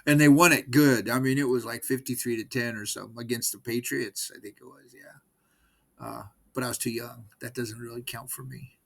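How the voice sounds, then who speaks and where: A man's voice: medium pitch, steady tone, normal speed, creaky, a bit bright. A man in his sixties giving a rambling, exasperated recap of his team's game in casual vlog talk, often repeating himself. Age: 60s. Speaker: sports fan vlogger.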